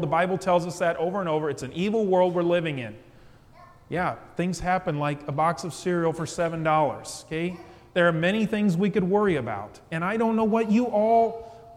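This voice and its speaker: A male pastor preaching a sermon in a church, chatty and conversational, often putting questions to the congregation. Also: fairly high pitch. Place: church with pews. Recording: long church reverb.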